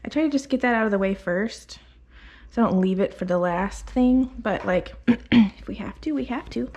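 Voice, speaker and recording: A woman dog groomer talking casually as she works in her grooming salon, rambling with fillers and slipping into a soft sing-song voice to coax the dog. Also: medium pitch, normal speed, husky, muffled recording. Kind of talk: casual narration while working.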